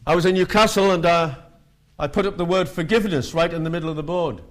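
A man preaching, telling street-evangelism stories in a lively way. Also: fairly high pitch, fast. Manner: animated, acts out quoted voices. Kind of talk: sermon with storytelling.

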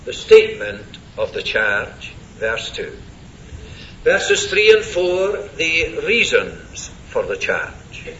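A man delivers a verse-by-verse sermon in a fairly high, bright voice, leaning on key words. He speaks slowly and deliberately. The recording is dull and lo-fi, with a faint rumble underneath. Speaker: preacher.

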